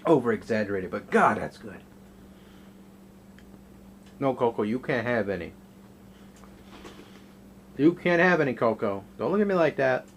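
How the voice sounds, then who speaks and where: A man's voice: mid-range voice, animated, measured pace, pauses often, slight background noise. A man hosting a casual home cooking vlog from his kitchen, rambling and joking as he cooks and chats to his dog.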